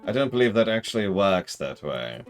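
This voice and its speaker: A man's voice: fairly low pitch, very animated, soft background music. A man doing a fussy rules-stickler wizard. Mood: prim objection. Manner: slow, prim, hesitant.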